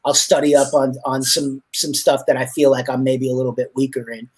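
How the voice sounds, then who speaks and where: A man's voice: mid-range voice, flat delivery, brisk, a little mellow, slightly rough. A man with a New York accent, a podcast guest chatting casually and rambling through restarts. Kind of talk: casual interview chat.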